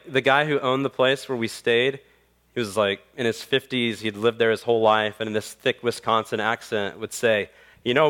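Animated male preacher in a sermon. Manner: animated, rising for emphasis and dropping to quiet low endings; conversational storytelling with fillers. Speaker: pastor.

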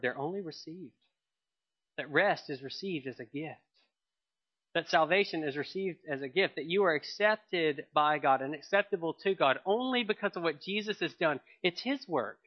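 A man's voice: fairly high pitch, muffled recording. A man preaching a sermon in an earnest way, often repeating and restarting phrases. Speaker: pastor.

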